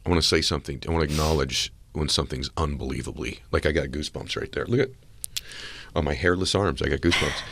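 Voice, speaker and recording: Very deep-voiced American man, earnest host. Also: no echo. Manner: earnest, animated storyteller. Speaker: podcast host. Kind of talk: conversational interview.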